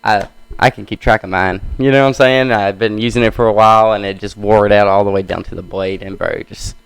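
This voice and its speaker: A man's voice: on the low side, steady tone, fairly quick, gravelly, clean tone, no echo, poor audio. A young man co-hosting a casual podcast, laid-back and slangy, telling a story about getting hurt at work. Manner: laid-back, slangy, says bro and dude. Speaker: podcast co-host. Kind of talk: casual chat.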